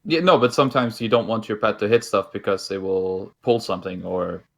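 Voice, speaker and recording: Slightly low, relaxed man explaining game tips. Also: a little fast, creaky. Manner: relaxed, explaining with frequent hesitations. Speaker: guest player. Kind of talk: casual chat.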